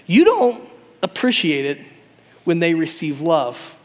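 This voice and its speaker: High-voiced pastor with a humorous touch. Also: male voice, very animated, a little slow, big-room sound. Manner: conversational and humorous, acting out voices. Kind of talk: sermon.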